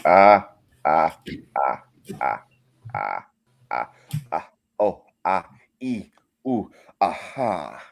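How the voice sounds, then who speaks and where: Really low gravelly guy, slow and drawn out, huge pitch swings. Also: wildly swooping pitch. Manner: slow, gravelly, theatrical villain laugh.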